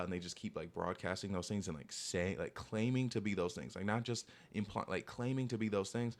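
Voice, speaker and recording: Speaking in a lowish voice, a young guy rattles off dating tips in a relaxed monologue, his speech quick and peppered with "like" and "okay?"; whenever he quotes someone, he ridicules them with a put-on voice.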